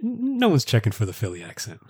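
Relaxed man with dry humor. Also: mid-range voice, a little fast, slightly rough. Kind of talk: casual chat.

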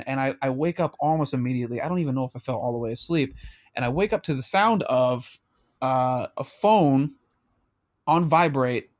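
A man in his thirties telling a rambling, profane story in casual chat, often breaking into laughter. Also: medium pitch.

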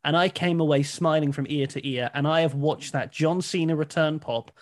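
A man's voice: fairly high pitch, steady tone, moderate pace. A man co-hosting a talk show, reading listener messages and giving upbeat, opinionated takes in casual chat. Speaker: co-host of a wrestling talk show.

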